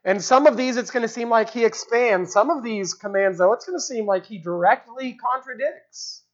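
At a moderate pace and medium pitch, a preacher gives an expository sermon that explains the original language of a text. He repeats key phrases for emphasis, and the recording is dull and lo-fi.

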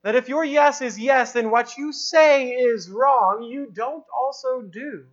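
A woman preaching a sermon, stressing points by repeating lines and slowing into prayer. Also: high-pitched. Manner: emphatic, repeating lines for effect; ends in prayer with slow, drawn-out phrasing. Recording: dull, lo-fi recording.

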